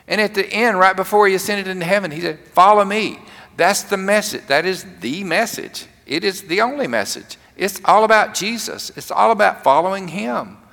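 A man's voice: high voice, bright, forceful tone. A male pastor delivering a conversational sermon with humor, often restarting his sentences as he tells a story. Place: church sanctuary. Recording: long reverb of a large church.

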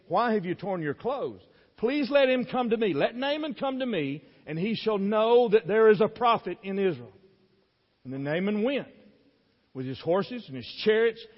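A man's voice: high-pitched, long reverb tail. Preacher guy reading scripture, acts out the characters all heated, dull muffled sound. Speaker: pastor. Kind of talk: sermon.

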